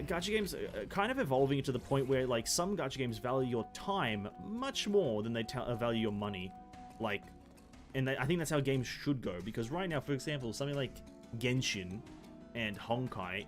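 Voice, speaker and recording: A man streaming a game, chatting casually, rambling with frequent restarts and swearing. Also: medium pitch. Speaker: gaming streamer. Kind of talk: casual live-stream commentary.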